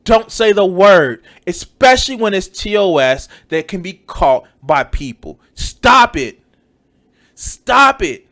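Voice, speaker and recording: A man riffing on a clip he is playing, slow and deliberate, sneering and swearing. His voice sits high and swings widely as he mocks the speaker. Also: big pitch swings, fairly bright tone. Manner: mocking, exasperated, swears often. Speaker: reaction streamer. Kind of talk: profane reaction commentary.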